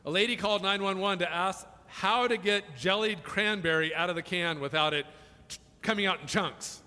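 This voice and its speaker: A man's voice: sits high, moderate pace, bright, forceful tone. A man preaching a sermon, telling funny stories in a chatty way before turning earnest. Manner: chatty, jokey storytelling building to earnest preaching. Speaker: pastor. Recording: long reverb of a large hall.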